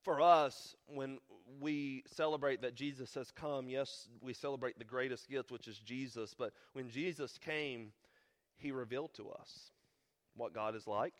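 Man preaching an earnest sermon. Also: medium pitch. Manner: earnest, builds to emphatic stresses with pauses. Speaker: pastor.

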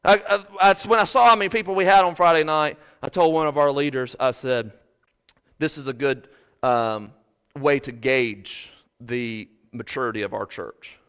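A man preaching a sermon as pastor, swinging from shouted fervor to quiet earnest talk. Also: mid-range voice, normal speed, clean tone. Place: church sanctuary. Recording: preached in a reverberant hall.

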